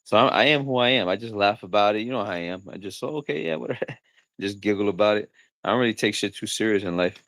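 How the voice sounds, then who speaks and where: A man's voice: on the low side, fast, a bit bright, dry recording. A man hosting a casual livestream chat, joking around, laughing things off and acting out the voices of people he quotes. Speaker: livestream host.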